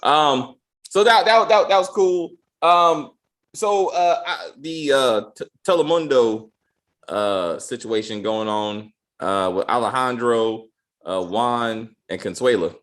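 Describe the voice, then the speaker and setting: A man hosting a casual TV episode review, animated, laughing, and acting out the characters' lines in voices. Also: medium pitch, slow. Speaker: show host.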